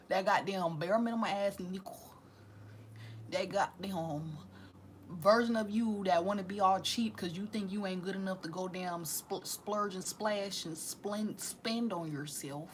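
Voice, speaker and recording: A woman's voice: fairly low pitch, slight background noise. A woman doing a casual tarot reading in slangy, profane speech, with sudden drops into whispers. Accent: Southern US. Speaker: tarot reader.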